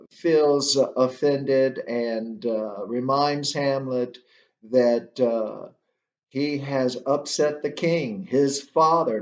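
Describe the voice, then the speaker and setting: A man teaching a literature lesson, explaining slowly and deliberately with frequent filler sounds, in a roomy, muffled recording. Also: medium pitch, darkish tone. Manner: slow, deliberate explaining with many uhs. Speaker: literature instructor.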